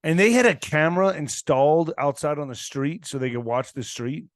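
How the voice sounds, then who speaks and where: A man hosting a podcast interview, mostly cutting in with short, slangy reactions and quick questions. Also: a little high, expressive, no echo, clean studio sound. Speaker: podcast host. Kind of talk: casual interview chat.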